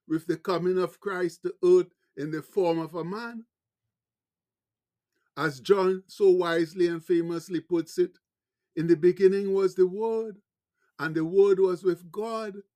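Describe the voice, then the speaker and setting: A man's voice: high voice, a little mellow. A man preaching a sermon, reading scripture aloud and adding emphatic, exclaiming commentary.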